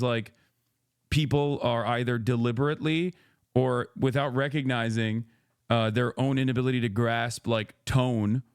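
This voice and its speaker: A man's voice: mid-range voice, clear, resonant tone, no room sound, clean studio sound. A man hosting a live stream, ranting in disbelief with heavy swearing and restarted sentences. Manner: exasperated, profane, incredulous; rambling with frequent restarts. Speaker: streamer host. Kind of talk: reaction stream rant.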